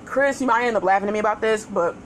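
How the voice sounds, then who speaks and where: A woman's voice: mid-range voice, fast talker, slight background noise, poor audio. A woman co-hosting a show, telling a story in casual chat with profanity and laughter. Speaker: podcast co-host.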